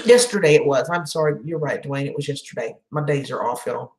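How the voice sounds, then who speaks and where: A woman's voice: low voice, animated, moderate pace, reverberant. A woman hosting a casual live chat, emotional as she answers viewer comments. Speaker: channel host doing a live chat.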